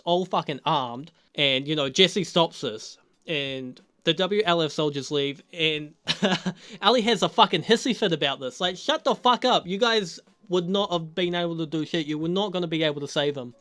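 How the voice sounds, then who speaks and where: Young guy reviewing a show, swears nonstop, laughs a lot, bit high pitched, quiet music behind. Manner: casual, heavy swearing, laughs often. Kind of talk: casual spoken review.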